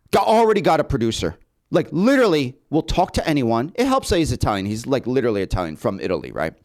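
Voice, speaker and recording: A man who hosts a podcast tells stories in easy, casual chat. His voice sits a little high and swings widely, with quick restarts and repeated words. He sounds animated and talkative. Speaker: podcast host and actor.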